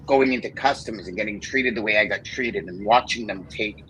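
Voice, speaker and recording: A man hosting a podcast, telling a story casually and getting animated and swearing when worked up. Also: on the low side, normal speed, a little hiss or hum, poor audio. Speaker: podcast host.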